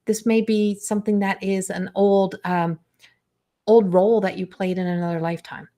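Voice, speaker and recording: Middle-aged woman, intuitive coach on a live stream, calm and unhurried, mid-range voice. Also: mid-range voice. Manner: slow, soothing, trailing restarts; animated storytelling with acted quotes. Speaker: intuitive guide and spiritual coach. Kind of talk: live channeled guidance.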